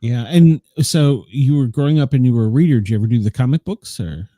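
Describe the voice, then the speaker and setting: A man hosting a podcast, asking relaxed conversational questions. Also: medium pitch, a little fast, no echo, clean studio sound. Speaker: podcast host. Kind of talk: casual interview.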